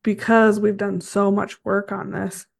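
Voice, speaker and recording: A middle-aged woman hosting a podcast, relaxed and chatty, telling stories from her work with horses. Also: mid-range voice, unhurried, creaky. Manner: storytelling, relaxed. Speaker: podcast host, horse trainer. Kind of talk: casual chat.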